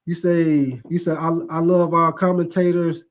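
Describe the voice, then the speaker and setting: Hosting a laid-back live sports stream, this middle-aged man reads out viewer comments, cracks jokes, and spins profane stories he laughs along with. His voice is on the high side, level in tone, at a normal speed.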